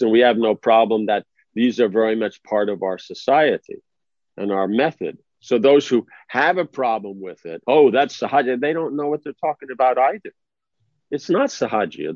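A man's voice: medium pitch, no room sound. Man teaching in a conversational discourse. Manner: conversational, asks listeners if they follow. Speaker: spiritual teacher. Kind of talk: informal religious discourse. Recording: dry, slightly dull lo-fi recording.

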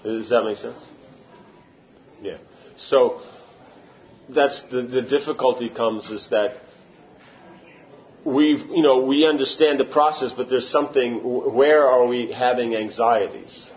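A spiritual teacher speaks unhurriedly in a mid-range voice, leaving long pauses. His informal devotional talk is conversational, and he keeps checking that his listeners understand. The sound is somewhat muffled, with faint room noise.

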